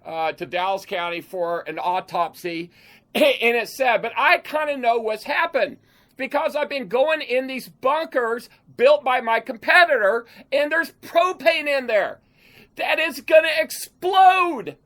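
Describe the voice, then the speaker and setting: A man's voice: very high voice, a little slow, a bit bright. A man who builds bunkers and hosts his own channel, talking straight to his viewers in an angry, off-the-cuff rant. He is emphatic and heated, and he repeats himself as he talks.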